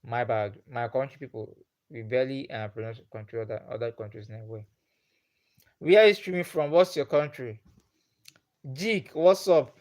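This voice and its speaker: This Nigerian-accented livestreamer has a medium-pitched, slightly mellow voice and talks fairly quickly. Again and again, he poses the same questions to the people watching.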